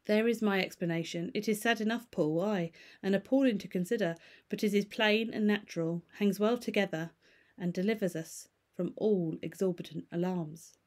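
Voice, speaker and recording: A composed gentleman lawyer who talks things through in formal, measured sentences in a storybook reading, as a woman reader plays him. His lines sit noticeably higher than her narrating voice. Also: close to an everyday voice. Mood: reasoning. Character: calm, reasoning male lawyer, measured.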